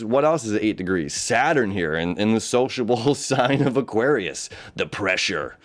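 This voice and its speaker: A man's voice: on the low side, animated, normal speed, hardly any pauses. A man, hosting a casual astrology talk, rambling and repeating himself, and often laughing. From United States. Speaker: astrology host. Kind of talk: casual spoken horoscope talk. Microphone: camera setup.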